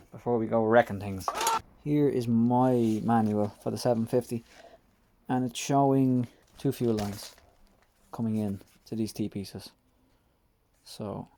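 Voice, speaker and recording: A man's voice: mid-range voice, warm tone. Man muttering wryly over a repair. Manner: mutters to himself while working, wry and self-mocking. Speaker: motorcycle restoration vlogger. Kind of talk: casual workshop commentary. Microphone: close mic while hands are busy.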